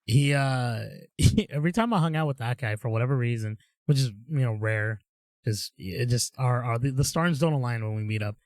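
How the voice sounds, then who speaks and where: Man, co-host, rambling storyteller, casual chat, dry close sound, mid pitch. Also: moderate pace, no room sound. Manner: rambling storyteller, says dude. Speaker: podcast co-host.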